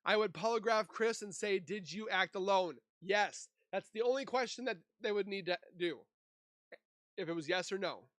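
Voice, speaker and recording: A man's voice: high-pitched, normal speed, fairly bright tone, no room sound, studio quality. A man from Minnesota hosting a casual livestream, chatting and reading viewer comments aloud into a desk mic. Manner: chatty, reads and answers chat aloud. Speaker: livestream host.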